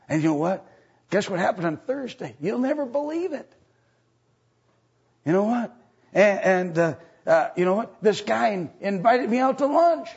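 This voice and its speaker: A man voicing an excited churchgoing man who tumbles over his words to share news, on a dull lo-fi recording. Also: very high-pitched, husky, voice pushed up, exaggerated voice. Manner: breathless, tumbling eager chatter.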